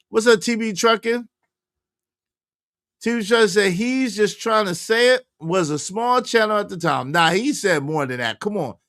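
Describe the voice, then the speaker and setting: Animated, higher-voiced livestream host man. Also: dry recording, studio quality. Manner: animated, calls out viewers and guests by name. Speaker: show host. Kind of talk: casual livestream chat reading comments.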